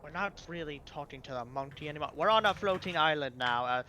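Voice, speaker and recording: A man's voice: a little high, expressive, fast talker, sharp tone, a little hiss or hum. A man playing in a tabletop game, trading dry jokes in casual banter. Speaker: player.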